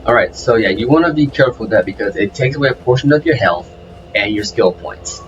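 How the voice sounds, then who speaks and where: A man's voice: mid-range voice, lively intonation, fast, muffled recording. A man hosting a let's play, talking casually through his game with lots of fillers and restarts. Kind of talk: casual gameplay commentary. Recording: game music playing behind. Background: game music.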